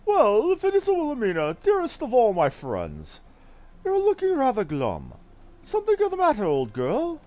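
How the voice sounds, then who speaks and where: A man's voice: very high voice, huge pitch swings, normal speed, warm tone, heavily acted. A man voicing a cheerful, foppish male aristocrat in a game, reading the lines in an airy, theatrical upper-crust manner. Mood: breezy. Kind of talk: reading game dialogue aloud.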